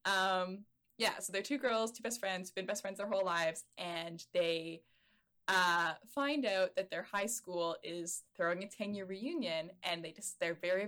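Chatty woman with a lowish voice. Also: fairly bright tone. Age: late 20s. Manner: chatty, enthusiastic, many fillers. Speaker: podcast co-host. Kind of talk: casual chat.

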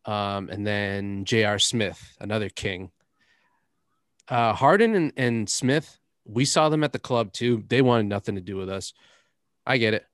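A man's voice: lowish voice, expressive, unhurried, no echo, clean studio sound. A young man, chatting casually as a podcast host, rambling through stories, laughing often and cursing now and then. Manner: rambling storyteller, laughs often, drops curses. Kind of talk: casual chat.

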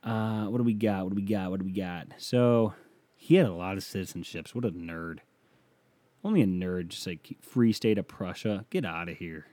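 Crude rambling man, low mellow voice. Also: normal speed, no room sound. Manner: crude, rambling, self-mocking. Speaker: podcast host. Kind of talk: casual solo podcast rant. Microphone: close studio mic.

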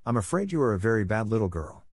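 A man's voice: on the low side, big pitch swings, fast, gravelly, breathy edge, dry recording, clean studio sound, exaggerated voice. A man reading a storybook aloud, voicing a stern, strict older spinster with a stiff, scolding manner.

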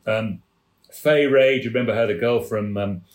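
Animated man telling theatre anecdotes, roomy sound. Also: fairly low pitch, normal speed. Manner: lively raconteur, acts out quoted voices. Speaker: podcast guest, former theatre manager. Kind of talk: anecdotal storytelling. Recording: roomy echo.

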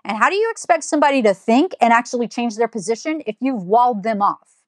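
A woman's voice: a little high, lively intonation, quick pace, no room sound, studio quality. A woman giving an opinion monologue, blunt and scolding, firing off one rhetorical question after another. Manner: emphatic, fires rhetorical questions. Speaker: commentator.

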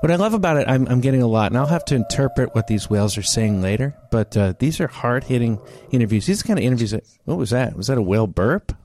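A man hosting a comedy podcast, doing a silly improvised bit with sudden over-the-top shouts. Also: medium pitch, animated, fast, hardly any pauses, a little hiss or hum. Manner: goofy, bursts into exaggerated shouts. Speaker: podcast host.

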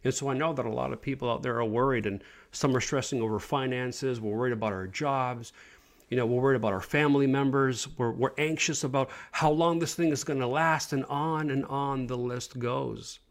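A man's voice: mid-range voice, steady tone, fairly quick. A man giving an informal online sermon, speaking earnestly and putting questions to his listeners. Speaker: preacher.

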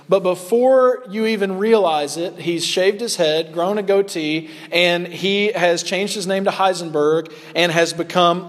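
A man preaching a sermon as pastor, earnest, slowing down on key phrases for emphasis. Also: on the high side. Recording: long reverb of a large hall.

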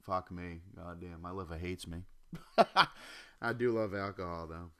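Young male podcast host, solo rant at home, crisp voice, constant cursing, drifts off topic. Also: sits low, unhurried, fairly bright tone. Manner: profane, rambling, jumps off topic. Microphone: home computer or desk mic.

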